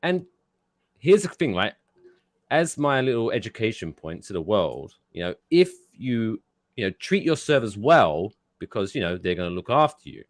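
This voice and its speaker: A man's voice: on the low side, sing-song, moderate pace, dry recording, studio quality. A middle-aged man from Britain, co-hosting a podcast in casual chat and telling stories at length. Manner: chatty storyteller, explaining at length. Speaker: podcast co-host.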